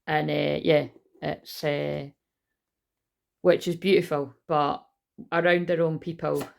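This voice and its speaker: A woman's voice: deep voice, vocal fry, a little mellow. A woman giving a casual tarot reading on her vlog, rambling and chatty, swearing casually and often losing her train of thought, recorded on a phone. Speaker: tarot reader.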